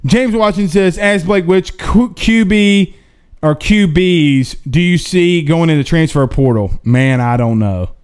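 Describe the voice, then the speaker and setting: A man's voice: on the high side, unhurried, clean tone. A male sports talk show host, chatting casually on a live stream and reading out viewer questions in a drawling, folksy way. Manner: animated, drawling, folksy asides.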